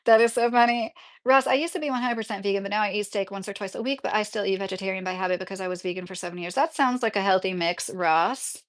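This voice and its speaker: A woman's voice: mid-range voice, racing, hardly any pauses. A woman in her thirties chatting casually as a vlogger, rambling with many fillers while reading viewer comments aloud. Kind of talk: casual chat.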